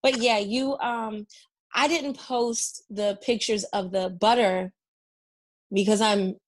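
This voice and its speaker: A woman's voice: mid-range voice, fairly even intonation, slow pace. A woman co-hosting a casual chat, brash and profane, who slips into mock voices to make her point.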